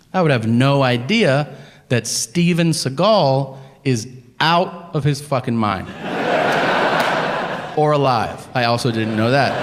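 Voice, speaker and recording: A man's voice: medium pitch, long reverb tail. A man telling sarcastic, profane stories in a stand-up routine. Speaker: stand-up comedian.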